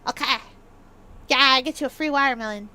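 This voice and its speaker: A gaming streamer's voice comes through high-pitched, bright and smooth, with a forceful tone and a fairly quick pace. She plays live while bantering playfully with viewers, using lots of ums and laughing often.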